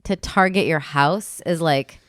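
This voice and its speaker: A woman's voice: sits low, measured pace, no echo, studio quality. A woman co-hosting a podcast, chatting casually with an easygoing manner. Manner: easygoing, frequent laughter. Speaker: podcast co-host. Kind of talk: casual chat.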